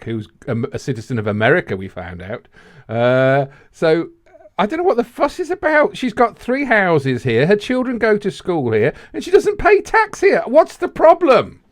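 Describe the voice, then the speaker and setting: A British man co-hosting a podcast, chatting in a joking, giggly way with lots of stammered restarts. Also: a little high. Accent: British English. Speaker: podcast co-host. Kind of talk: casual comedic chat.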